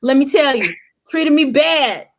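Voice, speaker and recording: In an impassioned conversation, a woman appearing as a guest speaks emphatically and colloquially, preacher-style. Her voice sits high and is expressive, with a measured pace.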